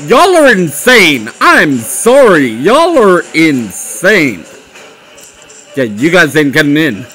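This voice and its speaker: Young guy freaking out over a game, kinda high voice, drawls slow, little music in the back. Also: sing-song, sharp tone, poor audio. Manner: panicky, exclamatory, addresses viewers as guys. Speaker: gaming video host. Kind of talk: game commentary.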